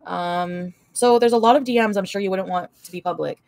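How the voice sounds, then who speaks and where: A woman's voice: medium pitch, fairly quick, gravelly, darkish tone, no echo. A young woman livestreaming an angry, profane, rambling rant full of fillers.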